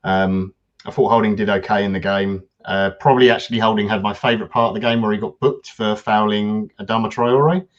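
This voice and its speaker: Low-voiced guy co-hosting a football podcast, laid back with lots of ums, sound kinda dull and lo-fi. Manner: relaxed, many ums, measured opinions. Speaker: podcast co-host. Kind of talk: casual football chat.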